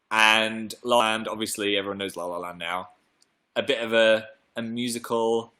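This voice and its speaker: Bright-voiced man rambling on a livestream. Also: lowish voice. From England. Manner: rambling, playful, chatty. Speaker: livestream host. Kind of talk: casual live-stream chat reading comments. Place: home room.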